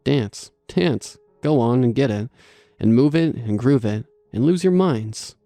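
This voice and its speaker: A man's voice: mid-range voice, lively intonation, unhurried, dark tone, dry recording, faint music behind. A man doing a cheesy sing-song woman. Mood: upbeat. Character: cheesy dancing woman singer on screen.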